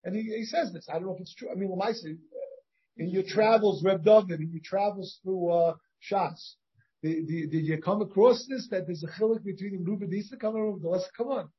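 A man with a high-pitched, somewhat husky voice leads an informal Talmud lesson. He reasons out loud, breaks off and restarts his sentences, and keeps asking his students questions. The sound is dull and lo-fi, like a plain class recording. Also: a little fast. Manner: thinks aloud, with many restarts and questions to the students. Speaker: rabbi teaching a Talmud class. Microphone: shared class recording, partly over a video call.

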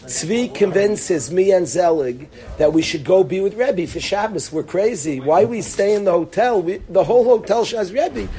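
A middle-aged man casually telling a personal story, acting out the dialogue and dropping to a hush for quoted lines. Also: sits high, normal speed, few pauses. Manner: animated, acts out dialogue, drops to near-whisper for quoted lines. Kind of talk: casual spoken anecdote.

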